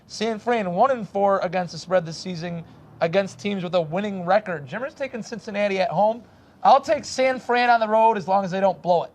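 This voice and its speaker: High-voiced man reading football picks. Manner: reads betting stats, laughs often. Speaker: sports show host. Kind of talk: casual sports picks chat. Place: student access radio studio.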